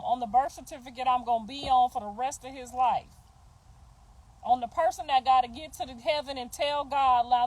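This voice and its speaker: On poor audio, a middle-aged woman with a voice on the high side rants heatedly on a livestream. Profane and confrontational, she laughs between jabs as she defends herself as a mother.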